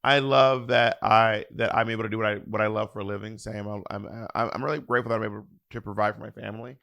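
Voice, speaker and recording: A man's voice: steady tone, fast, vocal fry, a bit bright, dry recording. A man in his thirties from Atlanta, co-hosting a podcast in casual, playful chat. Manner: playful, acts out his mother in a high voice. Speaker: podcast co-host.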